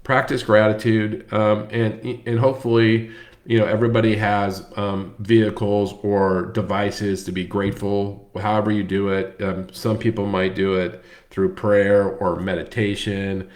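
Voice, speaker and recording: Male host, low-pitched, casual book-club chat, conversational. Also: little pitch movement, measured pace, darkish tone. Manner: conversational, frequent fillers and restarts.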